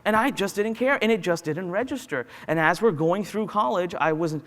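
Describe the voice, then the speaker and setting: A man's voice: high-pitched, normal speed. A man giving a motivational talk, telling personal stories and acting out the dialogue in them. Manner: animated storyteller who acts out dialogue. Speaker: motivational business speaker. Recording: long hall reverb.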